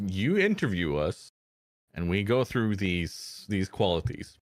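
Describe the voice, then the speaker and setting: A man hosting a live stream, explaining game rules in casual, halting chat. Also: deep voice, very animated, dry recording, studio quality. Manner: chatty, halting with restarts. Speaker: streamer host.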